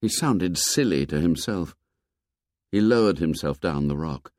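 A man narrating an audiobook in a measured, expressive way. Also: sits low, no room sound, clean studio sound.

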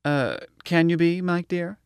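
An eager, affectionate young woman revolutionary, played by a man reading a story speaks up high and bright above his own voice. The reading is dry and close-miked. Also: unhurried, smooth, dry recording. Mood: tender. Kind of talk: audiobook narration.

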